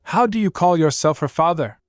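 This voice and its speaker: A frantic young noblewoman in a storybook drama begs and cries out, as a male narrator puts her on. His voice lifts high above its usual middle pitch. Faint music sits in the background. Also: animated, brisk, dry recording, studio quality, lightly acted. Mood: pleading. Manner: pleading, screaming. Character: desperate young noblewoman shielding her sister.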